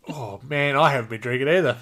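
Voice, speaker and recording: A man's voice: medium pitch, fairly bright tone. An Australian man hosting a casual podcast chat, joking and laughing often between remarks. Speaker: podcast host.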